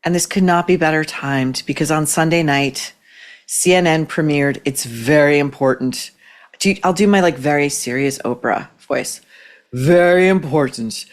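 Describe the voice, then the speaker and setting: Low-pitched woman, biting sarcastic commentary. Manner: sarcastic, cutting. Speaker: podcast host. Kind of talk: opinionated commentary.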